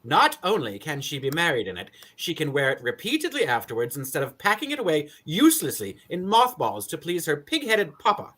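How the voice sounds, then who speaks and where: A sharp-witted female decorator trades dry, cutting comebacks, read by a woman. Her pitch leaps around animatedly as she delivers each line. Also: wildly swooping pitch, a little fast, hardly any pauses, full character voice. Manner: crisp, dry, sardonic comebacks. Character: sharp-tongued witty female interior decorator. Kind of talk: live script reading.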